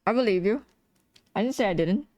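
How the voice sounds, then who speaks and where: A woman's voice: medium pitch, expressive, brisk, darkish tone, no echo. Sleepy, giggly woman streamer. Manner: chatty, swearing, laughing, self-mocking. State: tired. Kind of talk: casual chat while drawing on stream.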